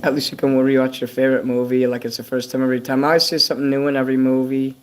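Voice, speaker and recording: Older man rambling flatly on a livestream. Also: mid-range voice, racing, noisy background. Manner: meandering, swears freely, reads and answers chat comments. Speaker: livestream host.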